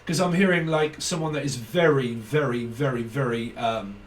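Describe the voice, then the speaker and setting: A man's voice: medium pitch, moderate pace, distant mic. A man giving a casual channelled tarot reading, rambling, swearing often and laughing between thoughts. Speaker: tarot reader.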